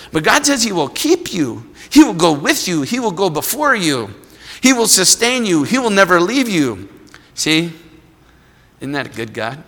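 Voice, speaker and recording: A man's voice: medium pitch, bright, forceful tone. A man preaching a sermon in a conversational way, acting out small voices in his stories. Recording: long hall reverb.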